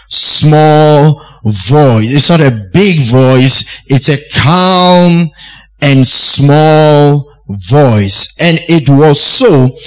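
Male preacher, fairly high voice, slow measured delivery, emphatic repetition. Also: low-quality recording. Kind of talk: sermon.

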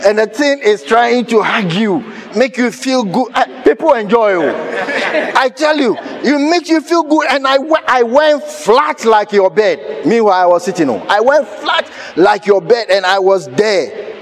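A man preaching a sermon in a church, telling a personal story with laughter and sudden shouts. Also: high-pitched, measured pace, crowd noise. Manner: animated, laughing, bursts of shouting. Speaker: pastor.

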